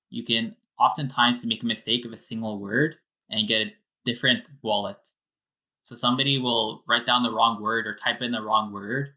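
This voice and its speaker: A man's voice: fairly low pitch, bright, forceful tone, rough recording. A man, a wallet developer, giving a casual technical explanation step by step with many fillers.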